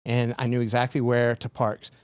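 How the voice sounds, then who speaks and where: A man's voice: medium pitch, monotone, normal speed, a little mellow, smooth, dry recording. A man on a podcast, casually telling a long story full of "like" fillers. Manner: rambling, filler-heavy retelling with lots of "like". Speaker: podcast guest.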